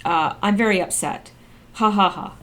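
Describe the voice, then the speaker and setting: A woman's voice: medium pitch, moderate pace, a bit bright. A middle-aged woman doing casual political commentary, reading documents aloud and reacting with sarcastic exclamations.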